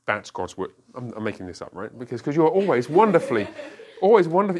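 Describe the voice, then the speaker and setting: A man's voice: mid-range voice, sing-song, fairly quick, darkish tone. A middle-aged man, a pastor, teaching a church class in a conversational way and often checking that listeners follow.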